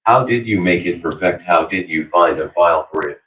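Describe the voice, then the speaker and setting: Synthetic male chat reader, very low, mechanical, distant and roomy. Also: brisk, narrow, tinny audio. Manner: flat, mechanical reading of usernames and chat messages. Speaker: text-to-speech chat reader. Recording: distant, echoey, slightly noisy.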